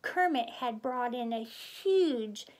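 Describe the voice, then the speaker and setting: High-voiced woman reading a children's book. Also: lively intonation, slow, darkish tone. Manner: cheerful, friendly sign-off to children. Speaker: storybook reader. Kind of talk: children's book read-aloud.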